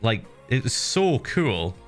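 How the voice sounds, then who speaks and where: A middle-aged man streaming, casually telling viewers a story with lively laughs and the odd swear. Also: medium pitch, slow pace, faint music behind.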